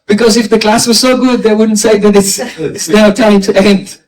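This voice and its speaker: A man's voice: high voice, little pitch movement, normal speed, recorded from a distance, rough recording. A man giving a devotional class lecture, explaining ideas through everyday examples and often checking in with his listeners. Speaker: spiritual teacher.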